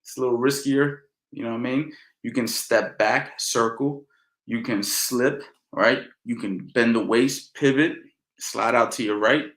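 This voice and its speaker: A man coaching boxing in a casual question-and-answer session, talking in a relaxed way and often adding "you know" and "man". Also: medium pitch, measured pace, echoey room, poor audio. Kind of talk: casual Q&A instruction.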